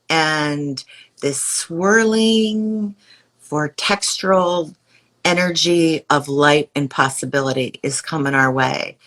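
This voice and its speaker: A woman hosting a live video stream, speaking effusively and inspirationally to a guest and her viewers. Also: low voice. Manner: effusive, warm-hearted, inspirational. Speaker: host. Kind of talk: live-streamed casual chat.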